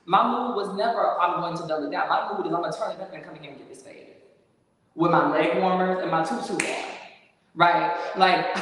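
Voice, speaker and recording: A woman host telling a story in casual chat, animated, emphatic and profane. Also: medium pitch. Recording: echoey room from far off.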